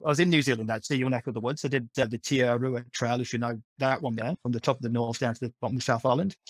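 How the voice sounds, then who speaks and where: Guest: man, lively storyteller who laughs a lot, dry close sound. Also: mid-range voice, no echo. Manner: animated, laughs often, many restarts. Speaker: podcast guest. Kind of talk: storytelling in a casual conversation.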